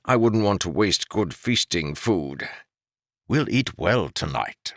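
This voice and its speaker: A man's voice: low voice, big pitch swings, slow, no echo, voice pushed up, full character voice. A man reading the part of a wry male court jester with dry, teasing banter, in an audiobook.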